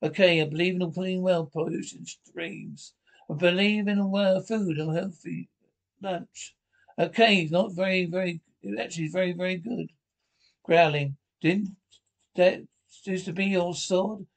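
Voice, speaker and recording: Man reading a drama aloud, fairly high voice. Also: fairly even intonation, unhurried, vocal fry, rough recording. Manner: reads character lines in his own voice with stage cues. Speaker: audio description reader. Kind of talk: reading an audio-described drama with all the voices.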